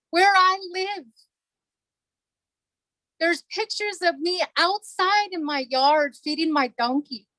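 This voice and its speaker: Woman, middle-aged, council delegate, community meeting talk, earnest, emotional, repeats points, high voice, dry sound. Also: sharp tone, no room sound, low-quality recording.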